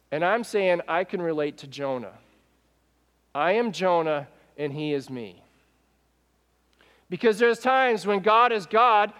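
Preaching a sermon in a church sanctuary, a pastor speaks in a high, animated voice that carries the sound of a big room. He acts out quoted speech and poses questions to the congregation.

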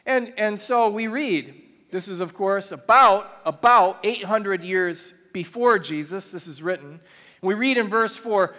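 High-voiced man preaching in a big hall. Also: pushed and bright. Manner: earnest, builds to emphatic slow declarations. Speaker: pastor. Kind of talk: sermon. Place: large church auditorium. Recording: long reverb of a large hall.

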